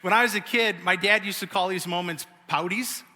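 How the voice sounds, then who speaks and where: A middle-aged man giving a sermon as pastor, telling stories in an animated, self-mocking way. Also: high-pitched, fairly quick. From United States. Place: large church auditorium. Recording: long reverb of a church hall.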